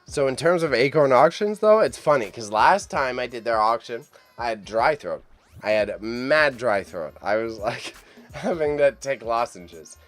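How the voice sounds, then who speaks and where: A man's voice: mid-range voice, animated, unhurried, fairly bright tone, soft background music. A man with a stuffy, congested nose hosts a live stream. He rambles casually, laughs often and stumbles over names. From Canada. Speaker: live stream host reacting to an auction.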